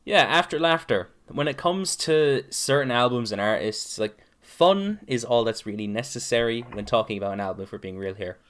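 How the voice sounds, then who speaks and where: A man's voice: medium pitch, lively intonation, normal speed, hardly any pauses, fairly bright tone. A young man co-hosting a casual podcast chat, laughing easily and admitting he stutters a lot. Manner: laughing, self-aware about stuttering. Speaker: podcast co-host.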